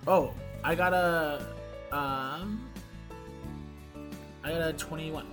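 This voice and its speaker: A man joining a tabletop role-play session, excitable and joking. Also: a little high, slow, music in the background. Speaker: player. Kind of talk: casual tabletop banter.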